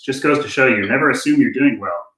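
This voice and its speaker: In a roomy recording full of drumming and clicks, a man with a mid-range voice speaks fast as he teaches a laid-back drum lesson. He thinks out loud and pokes fun at his own slip-ups, staying relaxed and self-deprecating in a room with a kit and click track.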